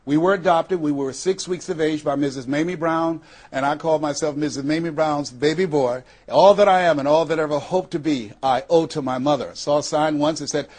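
A man from Miami, Florida, delivers a motivational speech in a voice sitting a little high for a man. He hammers points home through repetition, slows on key words and leans on dramatic pauses. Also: a little mellow. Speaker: motivational speaker.

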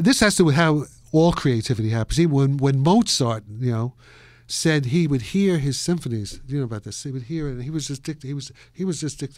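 An animated New Yorker of around eighty, with a mid-range voice and no echo, appears as an interview guest. His stories run long and rambling, and he laughs often, trailing off and starting over.

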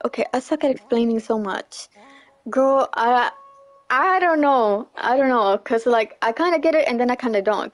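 Young female streamer, high and unhurried, chatty with squeals of excitement, faint game music underneath. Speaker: livestreamer. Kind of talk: casual gameplay livestream chat.

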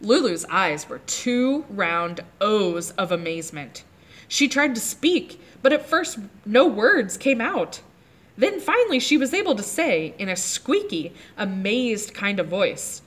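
Animated woman reading to kids. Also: mid-range voice, unhurried. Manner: animated, asks the kids questions about the pictures. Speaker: librarian leading children's story time. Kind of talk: reading a chapter book aloud to children.

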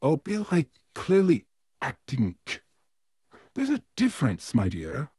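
A man voicing an evil male puppet neighbor in a fan audio role-play, smug and menacing, with a slow, theatrical drawl. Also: a little high, wildly swooping pitch, mellow, husky, dry recording, studio quality, heavily acted. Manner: slow, drawn-out, theatrical delivery with smug laughs.

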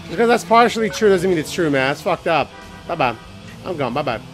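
A man casually commentating a video game playthrough, excitable and joking, swearing often and singing bits to himself. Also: on the high side, a little fast, faint music behind. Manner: excitable, swearing, jokey, sings snippets. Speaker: gaming channel host. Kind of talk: let's play commentary.

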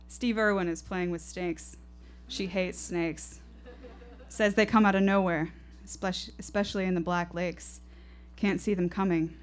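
Young woman reading her own story on stage, lowish voice, reflective. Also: steady tone, unhurried, soft background music. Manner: vivid, reflective first-person narration. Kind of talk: live storytelling performance. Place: stage at a live show.

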